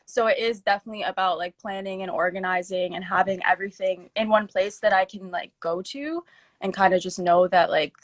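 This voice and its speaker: A woman's voice: medium pitch, fairly even intonation, a little fast, no echo. Young woman podcast cohost, chatty, says like a lot, dry close sound. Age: young adult. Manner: chatty, lots of "like" fillers. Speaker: podcast co-host. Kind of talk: casual chat.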